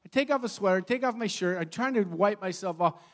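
Animated high-voiced male pastor. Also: brisk. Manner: animated, laughing, acting out stories. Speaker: lead pastor. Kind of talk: sermon with storytelling.

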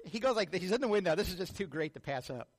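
A man with a high voice delivers a sermon from the pulpit. As a pastor, he tells lively personal stories. He acts out the people in them as he goes. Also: fast talker. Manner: animated storytelling, acts out quotes.

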